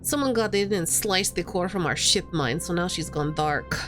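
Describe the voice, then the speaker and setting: A woman doing a gruff Russian-accented ship captain. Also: fairly low pitch, moderate pace, music in the background, natural voice. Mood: weary. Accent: put-on Russian. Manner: gruff, blunt, threatening. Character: tough, imposing female ship captain, short-tempered. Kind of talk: reading game dialogue aloud.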